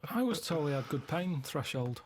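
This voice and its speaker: A man, a radio show regular telling rambling stories in deadpan casual banter. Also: fairly high pitch, normal speed, a little hiss or hum.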